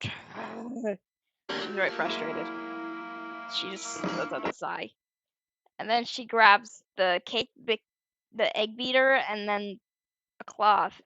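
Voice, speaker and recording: A woman's voice: mid-range voice, pushed and bright, dry recording. A woman chattily explaining her fan storyboard, giggly and full of restarts, on a dull lo-fi recording.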